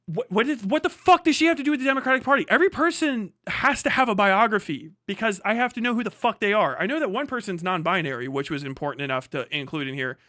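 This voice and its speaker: High, bright-voiced man ranting at an article. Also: dry recording, clean studio sound. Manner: exasperated, profane, rapid rhetorical questions. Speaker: streamer reacting to an article. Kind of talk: live stream reaction, reading aloud and ranting.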